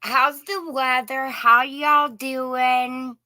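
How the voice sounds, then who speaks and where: A woman hosts a casual morning live stream and greets each viewer by name in a friendly, folksy way. She talks slowly and unhurriedly, in a bright voice pitched a little high. The recording is dry and close, with no room echo. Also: steady tone. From Indiana.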